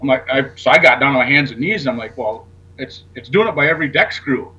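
A man with a husky, somewhat rough voice tells a story in loose, rambling fashion, now and then swearing. He plays out each back-and-forth himself, and the recording sounds dull and lo-fi. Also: mid-range voice, expressive, fast, bright, forceful tone. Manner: rambling, acts out quoted dialogue, swears casually. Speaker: guest. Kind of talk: casual storytelling on a talk show.

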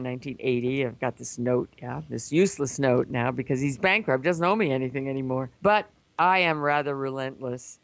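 An older woman telling a story in a casual, animated way, laughing at herself. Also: a bass voice, no room sound. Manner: animated, acts out quoted voices, laughs at herself.

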